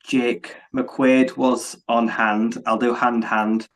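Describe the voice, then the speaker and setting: A British man on a podcast reciting comic rhymes in a slow, halting way. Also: medium pitch, flat delivery. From England. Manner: slow, halting, self-correcting. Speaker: podcast co-host.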